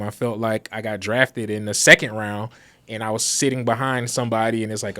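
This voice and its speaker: A man's voice: lowish voice, a little fast. A man in his thirties, a designer and guest, telling stories in a casual chat and acting out the dialogue. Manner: lively storyteller who acts out quoted dialogue. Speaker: guest, graphic designer and business founder.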